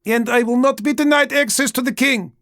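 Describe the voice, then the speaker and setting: A man voicing a queen who demands entry in a high, urgent, imperious way. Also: brisk, fairly bright tone. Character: distressed queen demanding entry, commanding woman.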